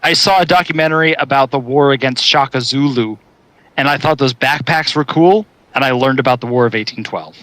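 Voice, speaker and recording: A man's voice: medium pitch, fairly quick, a bit bright, low-quality recording. A young American man talks in casual chat, rambling through his points with a wry, joking edge. His voice sits in an ordinary middle register. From United States. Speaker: co-host.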